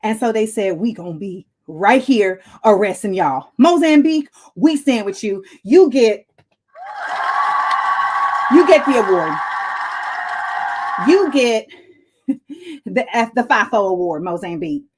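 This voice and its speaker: A woman's voice: a little high, measured pace, long pauses. A woman hosting a comedic news commentary, out of breath and acting out quotes as she tells stories. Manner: animated storytelling with acted-out quotes. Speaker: host.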